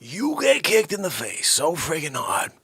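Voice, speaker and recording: A man hosting a comedic vlog, excitable and rambling, swinging from shouts down to whispers. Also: a little high, measured pace, slightly rough, dry recording. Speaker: host.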